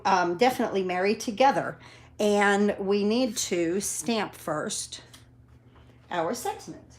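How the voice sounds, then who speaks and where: A chatty woman walks viewers through a card-making project at her craft table. She talks in a relaxed, encouraging way, dropping in fillers as she goes. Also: medium pitch. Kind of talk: casual craft tutorial.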